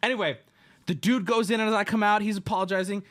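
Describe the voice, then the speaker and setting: A man hosting a stream, telling a crude story in a loud, animated rant and acting out the other people in it. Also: high voice, fast. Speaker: streamer host.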